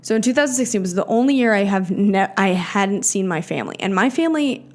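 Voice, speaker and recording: A woman's voice: mid-range voice, lively intonation, fast talker. Chatty young woman podcast co-host. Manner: chatty, filler-heavy, swears freely, acts out quotes. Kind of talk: casual chat.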